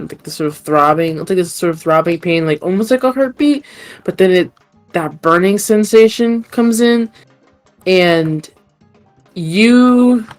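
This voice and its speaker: Low-voiced woman narrating as game master. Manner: meandering, full of fillers.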